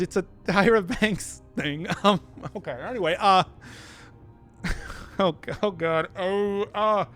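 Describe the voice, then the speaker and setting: A man's voice: sits high, normal speed, a bit bright, faint music behind. A young man streaming a game, chatting and rambling as he plays, often laughing. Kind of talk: live gameplay commentary.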